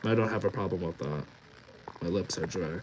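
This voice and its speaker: A man's voice: low voice, moderate pace, background noise. A young man streaming live and chatting casually, reading comments from his viewers aloud and rambling with many restarts.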